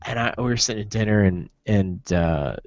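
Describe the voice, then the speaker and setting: A man's voice: on the low side, expressive, moderate pace, no room sound, muffled recording. A man from New Jersey hosting a casual podcast, telling rambling jokey stories with many fillers. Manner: rambling storyteller, joking, lots of fillers. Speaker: podcast host. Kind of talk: casual chat.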